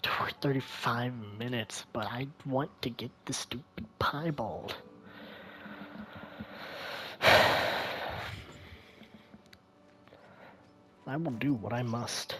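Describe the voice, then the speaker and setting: Young man, casual gameplay commentary, rambling, hushed at times, bright tense voice. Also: mid-range voice, measured pace, hardly any pauses. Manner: rambling, thinking out loud, often drops to a hushed voice. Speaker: gaming video creator.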